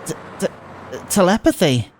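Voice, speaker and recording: In a dramatic read-aloud of a visual novel game, a high-pitched man voices a panicky narrator, stumbling and bursting out fearfully. His delivery has huge pitch swings at a moderate pace, with slight background noise.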